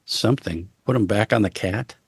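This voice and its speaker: Halting, joking man with a dry voice. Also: on the low side, vocal fry, slightly rough, dry recording. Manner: halting, lots of fillers, deadpan jokes. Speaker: guest. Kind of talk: casual conversation.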